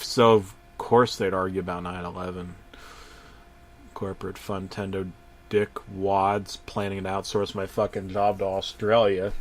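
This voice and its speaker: A man narrating a parody horror story in a deadpan voice, breaking into sudden shouted outbursts and swearing. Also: lowish voice.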